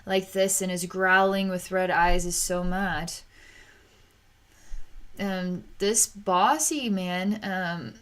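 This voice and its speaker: Halting, soft-spoken woman psychic. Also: on the low side, fairly even intonation, clean tone. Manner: halting and searching, with frequent restarts. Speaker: psychic reader. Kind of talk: narrating a psychic vision in real time.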